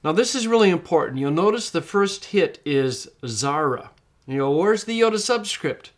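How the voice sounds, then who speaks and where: A man teaching Greek pronunciation in a screencast tutorial, reading words aloud slowly and patiently, syllable by syllable. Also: fairly high pitch, animated.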